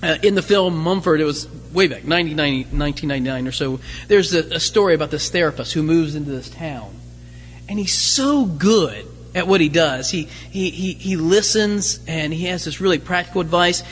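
This pastor's voice sits a little high, and he moves at a moderate pace while a faint hiss or hum runs underneath. His sermon is conversational, packed with rhetorical questions and gentle jokes on the side, heard through long hall reverb.

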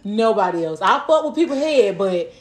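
Woman, thirties, podcast co-host, casual chat, animated storytelling, echoey room. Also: medium pitch, moderate pace. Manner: animated storytelling, laughing, frequent swearing.

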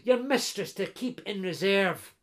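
A man's voice: high-pitched, lively intonation, measured pace. A man voicing a boisterous young best friend, jovial and chatty, nudging his friend along. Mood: jovial teasing.

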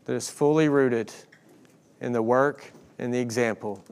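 A man's voice: medium pitch, a little slow, a little mellow, slight background noise. A man pastor reading scripture aloud with emphasis in a sermon, closing in prayer.

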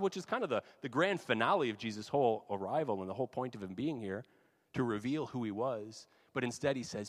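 Male pastor giving a relaxed, chatty sermon; average pitch, church hall echo. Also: quick pace. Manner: conversational, casual asides. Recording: long hall reverb.

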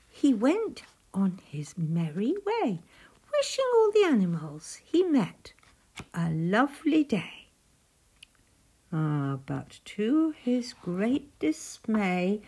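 A woman reading a rhyming picture book aloud, gentle, often dropping to a hushed near-whisper. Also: medium pitch, breathy edge. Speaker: storyteller.

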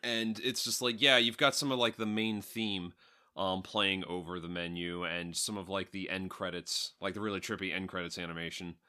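A man's voice: deep voice, flat delivery, moderate pace, sharp tone, smooth. A young man co-hosting a podcast, casual chat with a dry, wry, opinionated manner. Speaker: podcast co-host.

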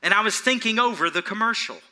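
A pastor preaching an earnest, animated sermon in a church, repeating phrases for emphasis and chuckling between points. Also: male voice, high-pitched, fast.

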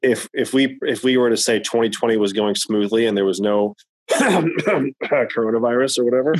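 A man's voice: mid-range voice, moderate pace, no echo, low-quality recording. A man chatting casually as podcast host, rambling and repeating words as he thinks. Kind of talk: casual chat.

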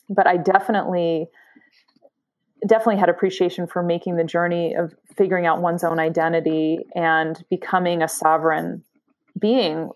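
Woman, psychotherapist guest, reflective, lower voice, searching for words. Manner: thoughtful, searching for words, soft laughs. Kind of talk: reflective interview answer.

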